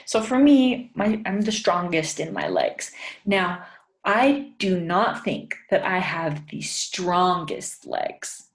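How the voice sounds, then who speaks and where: A woman teaching an English writing lesson, thinking aloud with many fillers and repeating example sentences slowly for learners. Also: fairly low pitch, sing-song, reverberant. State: yawning, sleepy. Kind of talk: casual spoken lesson, writing practice.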